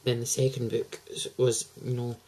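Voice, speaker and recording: A man's voice: medium pitch, flat delivery, moderate pace, mellow, breathy edge, rough recording. A teenage boy, chatting to camera in a hyper, gushing, rambling way. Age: teens. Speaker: vlogger. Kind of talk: casual chat to camera.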